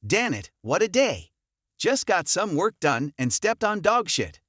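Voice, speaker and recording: A man voicing a violent, drunken old man who shouts and curses. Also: high voice, sing-song, measured pace, no echo, clean studio sound, exaggerated voice. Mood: drunken rage. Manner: shouting, cursing.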